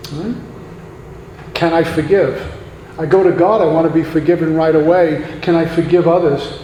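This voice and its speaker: A man's voice: on the high side, steady tone, moderate pace, dark tone. Preacherly man in an echoey hall. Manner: earnest, preacherly, rhetorical questions. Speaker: guest speaker at a recovery meeting. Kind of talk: recovery meeting share, sermon-like. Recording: echoey hall, faint background noise.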